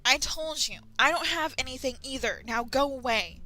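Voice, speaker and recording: A woman's voice: sits high, normal speed, pushed and bright, faint music behind, pitched above the performer's own voice. A woman doing a bitter, growling sponge cook. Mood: angry. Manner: growling, curt. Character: bitter worn-out sponge fry cook, male.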